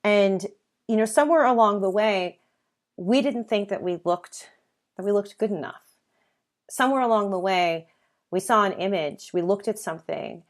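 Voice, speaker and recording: A woman's voice: medium pitch, normal speed. A woman hosting her own podcast, talking earnestly and conversationally, with lists and the occasional filler. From United States. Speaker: podcast host. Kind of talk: solo podcast monologue.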